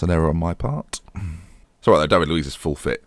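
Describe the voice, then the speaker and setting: A young man commenting on his own football management game, chatty and self-mocking, excitable when the match heats up. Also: very deep voice, fast, no room sound. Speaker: gaming YouTuber.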